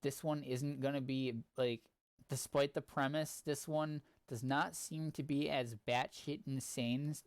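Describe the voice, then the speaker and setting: A man reads fanfiction aloud for a stream in a relaxed, wry manner, stopping often to comment with loose, filler-filled asides. His voice sits at an ordinary middle pitch and sounds close and dry, with no room around it. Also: unhurried, no echo. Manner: casual and wry, many fillers between readings. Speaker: streamer host.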